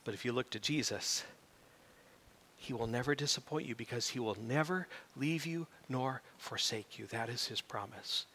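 A middle-aged man preaching a sermon as pastor, animated and building to loud emphatic peaks. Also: mid-range voice, normal speed, slight background noise. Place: church sanctuary. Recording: reverberant church hall.

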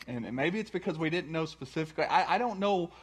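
Man, husky voice, halting church talk, frequent restarts. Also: fairly high pitch, animated. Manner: halting, many restarts and fillers. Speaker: church speaker, husband of the previous speaker. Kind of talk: casual talk before a sermon.

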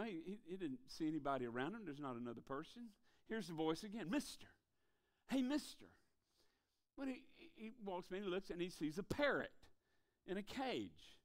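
A man preaching a revival sermon in a church, telling jokes in a folksy, animated way. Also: high-pitched. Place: church sanctuary.

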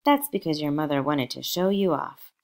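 A woman's voice: low-pitched, animated, moderate pace, creaky. A woman reading a novel aloud, voicing a glamorous young woman who croons in a sing-song manner. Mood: doting.

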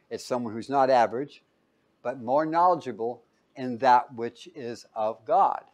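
A man preaching a Bible-teaching sermon, reading verses loudly and pausing for his listeners to call out the missing word. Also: medium pitch. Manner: quizzing listeners with fill-in-the-blank questions; emphatic, loud when reading scripture aloud.

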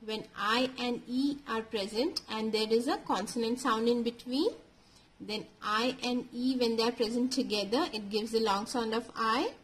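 A woman teacher giving a slow, clear phonics lesson to children, repeating each point. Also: fairly high pitch, steady tone. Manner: slow, clear, repetitive explaining.

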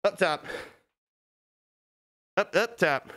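A man's voice: on the high side, moderate pace, fairly bright tone, no echo, clean studio sound. A young adult man streaming live, talking to his chat in a rambling, joking, self-mocking way while out of breath. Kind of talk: casual livestream chat.

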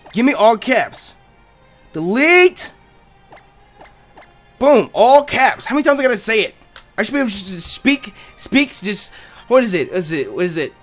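A loud, boisterous man hosting a game Let's Play, cursing and joking in casual commentary. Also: high voice.

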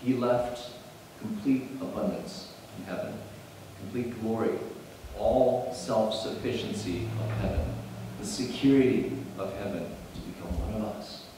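A man preaching a sermon as pastor, animated and building to emphatic bursts, often restarting his phrases. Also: on the low side, unhurried, background noise. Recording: echoey hall, mic at a distance.

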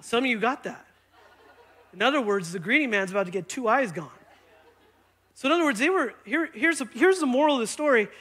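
A man preaching a sermon in church, energetic and conversational, often checking in with the congregation. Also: very high-pitched, fairly quick, pauses often, husky. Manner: energetic, conversational, keeps asking "right?". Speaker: pastor. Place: church sanctuary.

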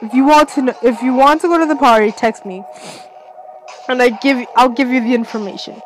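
A young woman voicing a cocky teenage boy in her own story, talking casually with halting restarts. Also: on the high side, a little hiss or hum, close to an everyday voice, poor audio. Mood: pushy.

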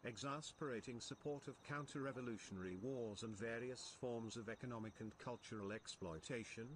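A man speaks in game voice chat at an ordinary pitch, earnest and lecturing. Faint background hiss sits behind him. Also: brisk.

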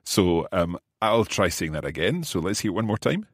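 Deep Scottish man, husky and lively. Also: no echo, clean studio sound. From Scotland. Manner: repeats phrases slowly and carefully, laughs easily. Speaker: podcast host and language learner. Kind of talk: conversational language lesson.

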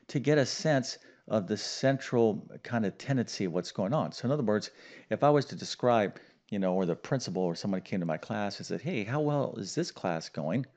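A man's voice: fairly low pitch, lively intonation, brisk, a little mellow. A middle-aged man teaching a math lesson in an emphatic, upbeat way, full of "okay" and small fillers.

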